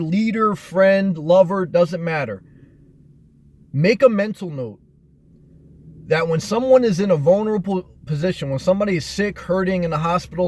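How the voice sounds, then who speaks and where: A man in an earnest, measured motivational monologue, often circling back with fillers and repeated phrases. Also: high voice. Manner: earnest, repetitive, measured delivery with many fillers. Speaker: motivational vlogger.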